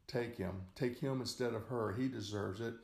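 A man's voice: medium pitch, moderate pace, creaky, a little mellow, echoey room, lightly acted. A man voicing the ghost of a man, pleading and demanding, close to his own reading voice.

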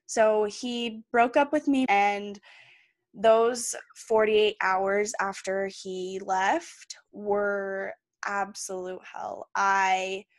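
A woman's voice: mid-range voice, fairly even intonation, drawn-out words, no echo. Young woman guest on a podcast, earnest and open, dry close sound. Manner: earnest, candid storytelling. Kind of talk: personal story in a podcast interview.

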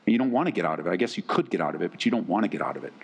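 A man's voice: low-pitched, animated, very fast, creaky, breathy edge, big-room sound. A man preaching a sermon to wives, earnest and emphatic, often repeating key words for weight. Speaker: pastor.

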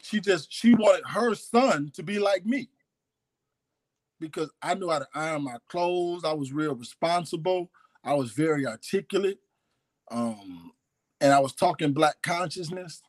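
A man's voice: fairly high pitch, animated, a little slow, a little mellow, dry recording. Man giving a raw, hesitant confession. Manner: confessional, hesitant, repeats himself. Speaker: guest telling his life story. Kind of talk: candid personal testimony.

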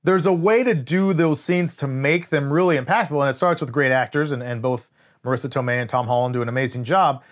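A man's voice: medium pitch, fairly quick. A man co-hosting a podcast, reviewing a film in casual, emphatic chat and swearing freely. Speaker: podcast co-host.

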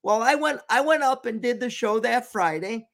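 A man who is a guest comedian in casual chat, relaxed and agreeable, adding his own stories. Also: extremely high pitch, moderate pace, gravelly.

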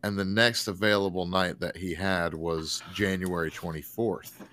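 A man's voice: low voice, fairly even intonation, moderate pace, sharp tone, a little hiss or hum. A male podcast host chatting casually and telling a story about starting out.

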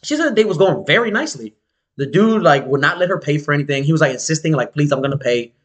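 A man's voice: fairly high pitch, quick pace. A man telling a story in a casual chat, slangy and profane, acting out the voices of the people in it. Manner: animated, slangy and profane, acts out quoted voices. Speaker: podcast co-host telling a story.

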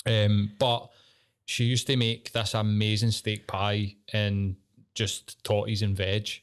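A Scottish man hosting a podcast, chatting in a sweary, joking, animated way. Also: lowish voice, slow pace, clean tone. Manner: sweary, banter-heavy and animated. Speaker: podcast host. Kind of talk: casual chat.

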